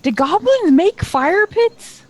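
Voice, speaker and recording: High-voiced girl at dnd table, bouncy voice, jokey and giggly. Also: sing-song, slow pace. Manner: giggly, joking. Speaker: player. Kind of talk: casual tabletop play.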